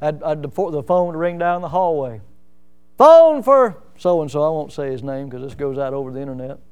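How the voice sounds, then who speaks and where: A man's voice: on the high side, flat delivery, fast talker, dark tone, clear, resonant tone. A male pastor preaching a sermon, telling stories and building to emphatic, rising passages.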